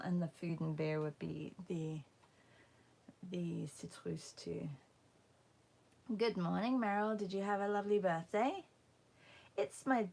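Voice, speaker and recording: A woman's voice: on the low side, gravelly, darkish tone. A woman hosting a casual livestream art class, chatting with viewers and greeting them by name, sometimes dropping into a whisper.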